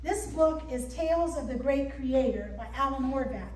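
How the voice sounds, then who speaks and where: High-voiced woman pastor, echoey church. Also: normal speed, distant mic, a little hiss or hum. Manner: gentle, expressive storybook reading. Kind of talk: sermon storytelling, reading aloud. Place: church sanctuary.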